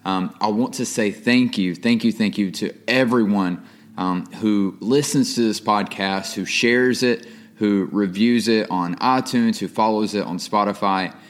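A young man with a drawl talks through his podcast in an earnest, rambling monologue. His voice sits a bit low, and he leans on ums and restarts as he thinks aloud. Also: a little slow. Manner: earnest, rambling, with many ums and repeated words. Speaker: podcast host. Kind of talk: casual faith podcast monologue.

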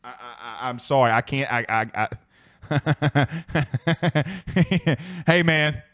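Speaking extremely slowly, a man with a medium-pitched, steady, slightly bright voice hosts a sports talk show. He's from South Louisiana, carries that region's accent, and reads live comments while delivering a heated, profane rant.

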